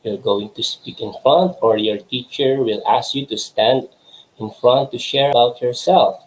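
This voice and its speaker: A man's voice: medium pitch, a little mellow, poor audio. A young adult man from the Philippines teaching an online English lesson to young children, patient and hesitant, with many fillers.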